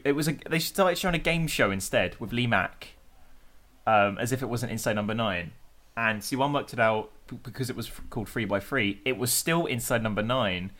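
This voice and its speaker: A man's voice: mid-range voice, fairly bright tone. A man, co-hosting a podcast, ranting animatedly in casual chat with mild swearing. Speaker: podcast co-host.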